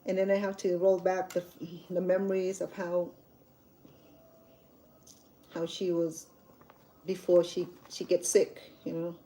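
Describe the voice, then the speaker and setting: Mellow-voiced woman telling a story. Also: lowish voice, completely flat delivery, measured pace, long pauses, poor audio. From Cambodia. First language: Khmer. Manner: candid and chatty, with frequent restarts. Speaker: cooking channel host. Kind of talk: personal storytelling vlog.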